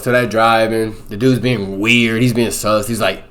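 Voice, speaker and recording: A young man casually recapping a movie plot in a rambling, slangy way, peppering it with "boom" and "bro". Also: fairly even intonation, measured pace, a bit bright. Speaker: movie reviewer.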